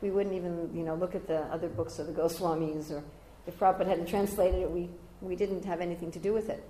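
An older woman giving a devotional scripture class, telling stories lively and raising her voice high whenever she quotes others. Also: fast talker, a little hiss or hum. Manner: animated storyteller, jumping high when quoting others. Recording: roomy echoey room.

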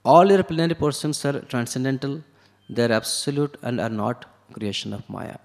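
A man's voice: mid-range voice, animated, moderate pace, creaky, darkish tone. A man giving an explanatory lecture on scripture, walking through verses and the meaning of words one step at a time. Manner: chants verses in Sanskrit. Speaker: scripture class teacher. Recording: long echoing hall reverb.

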